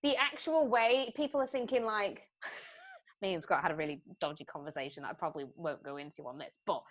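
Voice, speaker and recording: A woman's voice: lowish voice, a little fast. A woman, chatting casually on a podcast and acting out the people in her stories. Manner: animated storyteller, acts out voices, swears freely.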